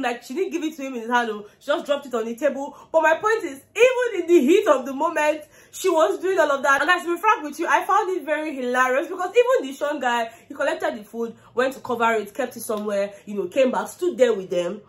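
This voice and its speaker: A young Nigerian woman with a slightly high voice tells a story in a chatty vlog. She speaks in an animated way and keeps turning to her viewers as if they are friends. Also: quick pace, few pauses. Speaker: reality show recap vlogger. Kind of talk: casual gossip recap.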